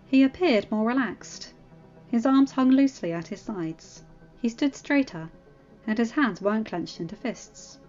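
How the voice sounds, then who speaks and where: A woman's voice: a little high, muffled recording. Woman reading a story aloud. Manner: expressive storytelling. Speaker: audiobook reader. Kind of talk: fanfiction reading.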